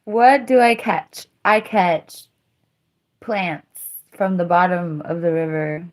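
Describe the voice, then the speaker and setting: A woman chats on her livestream in a slow, easygoing drawl. She rambles through a story, laughs often, and stops to answer her viewers' comments. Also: on the low side, a little mellow. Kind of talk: casual livestream chat.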